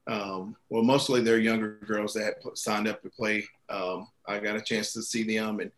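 A basketball coach being interviewed on a podcast, a man with a lowish, flat voice. He talks earnestly and haltingly, restarting his sentences. His tone stays fairly level. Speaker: girls basketball head coach, guest. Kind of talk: interview answers.

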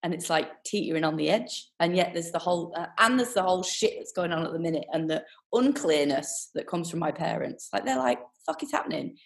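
A woman's voice: fairly low pitch, expressive, fairly quick, hardly any pauses. A woman in casual chat, talking earnestly and rambling, with free swearing.

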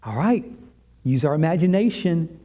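Fervent high-voiced male preacher. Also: big pitch swings. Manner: dramatic retelling with long pauses, swinging from loud and fervent to hushed whispers. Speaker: pastor. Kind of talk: sermon.

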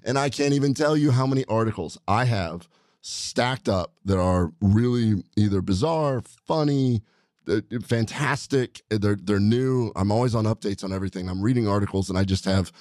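A man's voice: lowish voice, moderate pace, a little mellow, dry recording. A man hosting a podcast, talking in an enthusiastic, rambling way with frequent restarts, in a studio. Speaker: podcast host, doctor. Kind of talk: casual podcast chat.

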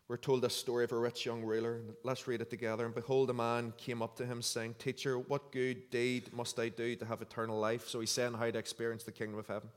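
Male pastor, sermon, earnest conversational delivery, mid pitch, long reverb from the church hall. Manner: earnest, conversational preaching with scripture reading.

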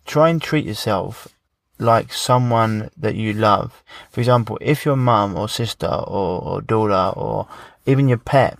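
A man hosts a podcast, chatting and rambling about coaching in a casual conversation. His mid-range voice is gravelly, and there's no echo in the recording.

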